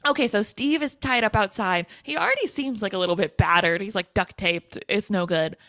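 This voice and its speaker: A woman's voice: medium pitch, expressive, normal speed, fairly bright tone, no echo. A young woman co-hosting a podcast, animatedly retelling a horror film's scenes, acting out quotes and laughing often. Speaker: podcast co-host. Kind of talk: casual chat, retelling a film.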